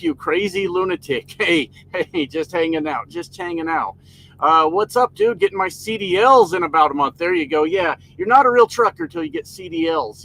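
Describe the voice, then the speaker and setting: With a slightly high, bright, forceful voice, a man chats casually on a live stream from his parked truck cab. He reads comments, jokes, and greets viewers by name, while the low-quality recording has a little hiss or hum.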